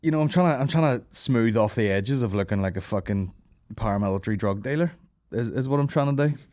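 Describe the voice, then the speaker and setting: A man's voice: mid-range voice, lively intonation, fast, a little mellow. A man hosting a comedy podcast, cracking sweary jokes about a documentary playing alongside. His voice swings up and down a lot as he riffs, and he keeps sliding into mock voices. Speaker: podcast host. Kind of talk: comedic commentary over a documentary.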